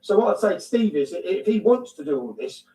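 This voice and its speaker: A man's voice: sits high, sing-song, fast, mellow. Emphatic English man, echoey and distant. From England. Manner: emphatic, repetitive, blunt, swears. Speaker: interview guest. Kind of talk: heated conversational interview.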